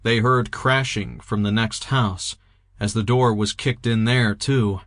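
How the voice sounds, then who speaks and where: A man narrating an audiobook in a steady, even reading voice, recorded close to the mic. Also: on the low side, a little slow, no room sound. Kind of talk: scripted narration.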